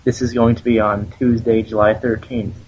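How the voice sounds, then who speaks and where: A man with a low, husky voice co-hosts a casual fan podcast, joking and rambling between news items. His audio comes through muffled and lo-fi. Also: flat delivery, moderate pace, a little mellow. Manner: jokey, rambling, trails off. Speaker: podcast co-host.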